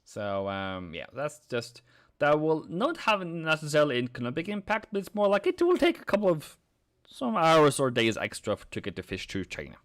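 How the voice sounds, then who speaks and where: A man's voice: on the high side, huge pitch swings, a bit bright. A man hosting a live trading stream, talking through charts and joking with his viewers. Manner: joking banter, drawn-out chart talk.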